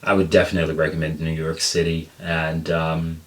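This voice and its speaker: A man with a deep, low-pitched voice gives casual reaction commentary. He rambles loosely and often restarts his sentences. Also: a little fast. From United States. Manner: relaxed, rambling with many fillers and restarts. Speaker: reaction video host.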